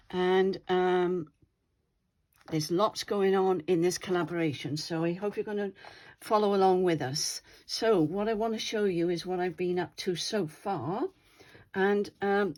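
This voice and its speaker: A woman's voice: mid-range voice, darkish tone. A woman hosting a craft channel, chatting casually as she demonstrates her doodles and keeps checking in with viewers. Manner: chatty, often checks in with "all right?".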